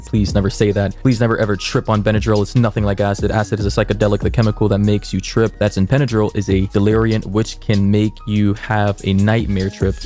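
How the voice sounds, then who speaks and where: Low-voiced man narrating with sarcasm. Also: darkish tone. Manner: sarcastic, blunt. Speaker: online commentary narrator. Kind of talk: scripted commentary narration.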